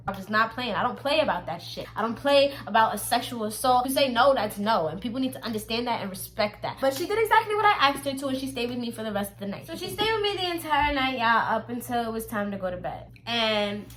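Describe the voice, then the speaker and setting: A woman's voice: on the high side, animated, quick pace, few pauses, fairly bright tone. A young woman vlogger telling a storytime to her viewers in a blunt, profane, emphatic way, speaking right to them. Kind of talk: casual storytelling to camera.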